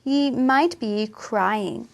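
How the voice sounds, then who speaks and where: A woman teaching English who talks young learners through a picture book, asking them gentle questions. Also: a little high, gravelly. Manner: slow, warm, questioning teacher talk.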